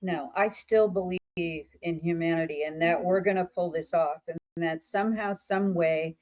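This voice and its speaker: A woman's voice: on the low side, steady tone, normal speed, a little mellow. A woman hosting a psychic show in casual livestream chat, chatty and laughing, with many fillers.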